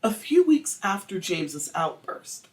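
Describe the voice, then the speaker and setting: A podcast host spins a true-crime tale in loose, animated talk. The speech is crude and playful, and the voice sits a little back from the microphone. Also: medium pitch, a little slow, recorded from a distance. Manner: animated, crude, acts out quotes. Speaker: podcast host telling the story. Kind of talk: casual true-crime storytelling.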